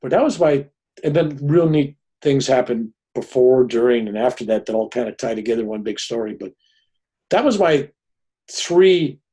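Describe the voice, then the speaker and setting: Older male guest telling a long personal story, lively and chatty, with a husky edge. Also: mid-range voice, normal speed. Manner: animated storyteller, often adds "right?". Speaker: podcast guest.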